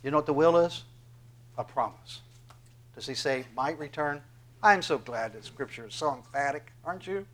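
A man preaching a sermon, reading scripture aloud and swinging from loud emphatic declarations to hushed whispers. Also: fairly high pitch, normal speed, poor audio. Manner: acts out dialogues with God in other voices. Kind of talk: sermon, Bible teaching.

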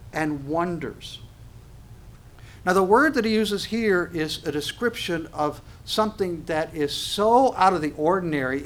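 A man preaching a sermon on scripture, animated, acting out little dialogues and often laughing. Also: on the high side, a little hiss or hum.

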